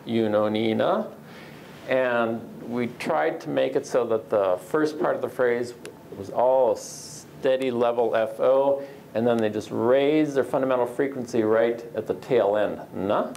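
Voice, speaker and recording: A man giving an academic lecture with slides, measured and explanatory, with frequent "uh" fillers. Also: mid-range voice, vocal fry, a little mellow, slight background noise, low-quality recording.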